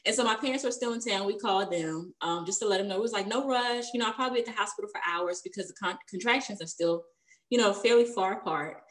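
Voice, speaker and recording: Brief: young woman host, casual storyteller, easy mid-pitched voice, laughs a lot. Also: quick pace. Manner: chatty, laughs often between sentences.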